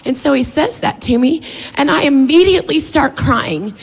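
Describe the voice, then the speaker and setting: A woman's voice: sits high, lively intonation. A woman speaking at a church, praying and then talking with open emotion in a sermon. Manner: emotional, heartfelt, slow and drawn out. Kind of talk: sermon with prayer.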